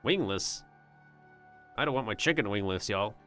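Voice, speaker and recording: A man's voice: fairly low pitch, lively intonation, normal speed, bright, forceful tone, soft background music. A man doing casual gameplay commentary on a livestream, rambling and joking with his chat. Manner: rambling and jokey, talks to his chat and slips in joke drawls.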